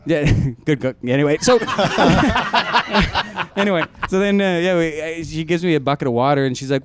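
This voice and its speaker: A man's voice: fairly high pitch, fast talker, smooth, no echo. Chatty young man telling a story. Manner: rambling, laughs often, acts out quotes. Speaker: comedian. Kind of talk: storytelling in casual group chat.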